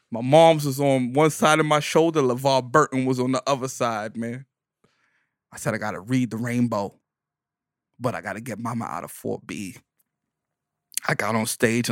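A man with a Bronx New York accent telling a comic story. He is animated and profane, full of street slang, and keeps riffing off his own jokes. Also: mid-range voice, dry recording, studio quality. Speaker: stand-up comedian. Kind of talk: comedic storytelling monologue.

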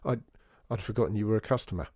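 A man's voice: mid-range voice, a little fast, mellow, no echo, clean studio sound, lightly acted. A man doing a stammering young elevator boy. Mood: flustered. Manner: stammering, nervous. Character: flustered young male elevator attendant.

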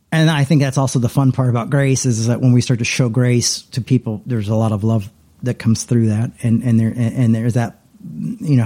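A middle-aged pastor with a warm, mid-range voice talks casually. His conversation rambles, full of restarts and repeated words.

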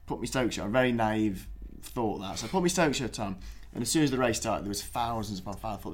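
A man's voice: fairly low pitch, expressive, fast talker, few pauses, a little hiss or hum. A young man co-hosting a casual football podcast, telling a rambling anecdote with frequent restarts. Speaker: podcast co-host.

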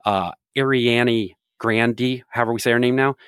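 A podcast co-host rambles through joking stories in casual banter. His medium-pitched voice is clear, resonant, and fairly bright, with fairly even intonation and a moderate pace. The studio-quality audio has no room sound.

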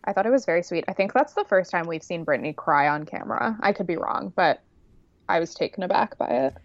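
A woman co-hosting a casual chat, frank and agreeable, with quick reactions. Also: fairly low pitch, lively intonation, dry recording. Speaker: podcast co-host. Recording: dry, dull lo-fi sound.

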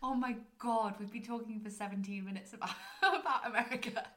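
A young woman co-hosting a podcast, telling stories in a giggly, animated casual chat. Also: fairly high pitch, brisk. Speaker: podcast co-host. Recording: roomy echo.

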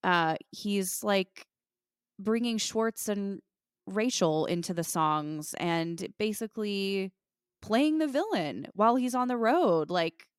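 A woman's voice: medium pitch, slow pace, clean tone, no echo, studio quality. A woman co-hosting a podcast, recapping in casual chat and acting out what others said. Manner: animated retelling, quoting others. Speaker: podcast co-host.

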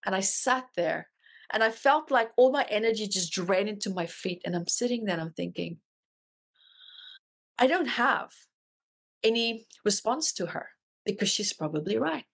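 A woman's voice: mid-range voice, expressive, moderate pace, creaky, long pauses. A woman, an author and life coach, telling her personal story as a guest in an interview, earnest and emotional, and she repeats phrases for emphasis.

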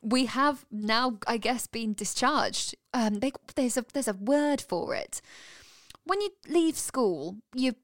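A woman's voice: on the high side, lively intonation, slow, dry recording, clean studio sound. A woman in her thirties co-hosting a casual podcast, chatty and giggly. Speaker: podcast co-host.

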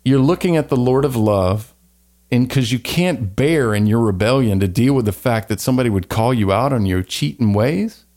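A man hosting a podcast in casual, opinionated chat, rambling and animated with slangy asides. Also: medium pitch, moderate pace. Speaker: podcast host.

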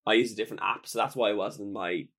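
A man's voice: on the low side, fairly even intonation, rapid-fire, fairly bright tone, slightly rough. A young man co-hosting a casual podcast, teasing and giggling, often cutting in. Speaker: podcast co-host.

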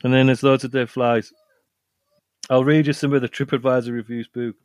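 A man's voice: medium pitch, flat delivery, fairly quick, darkish tone, dry recording, clean studio sound. A man co-hosting a casual chat podcast, rambling and repeating himself as he tells a story and reads reviews aloud. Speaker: podcast co-host.

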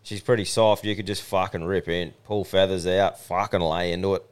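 A man's voice: sits low, fairly even intonation, fairly quick, clear, resonant tone. An Australian man co-hosting a podcast, chatting in a laid-back, swearing way and laughing often. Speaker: podcast co-host. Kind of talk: casual chat.

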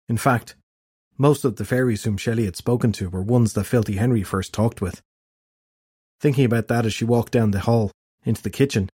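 Male narrator for fantasy audiobook; steady, husky, dry booth sound. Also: on the low side, no echo.

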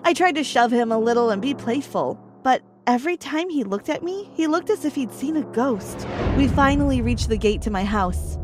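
A young woman narrating a first-person story, acting out the quoted lines with a rising pitch. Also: expressive, normal speed, few pauses, background noise.

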